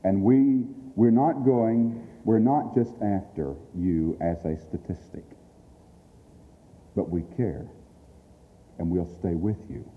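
Speaking slowly in a low, mellow voice and pausing often, a man gives a sermon-like talk on radio outreach. He is earnest and drives his points home by repeating them emphatically, with long reverb from the hall around him.

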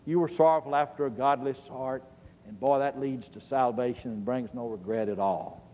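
A man's voice: mid-range voice, normal speed, mellow. A middle-aged man teaching a Bible lesson sermon-style, emphatic and quizzing his listeners with questions he then answers. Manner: emphatic, asks the audience questions and answers them. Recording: long reverb of a large hall.

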